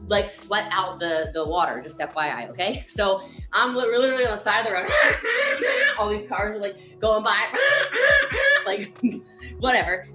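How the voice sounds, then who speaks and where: A woman animatedly telling a story as a team leader, full of "like" and "literally", sounding exasperated. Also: medium pitch. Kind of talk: storytelling anecdote. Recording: echoey room.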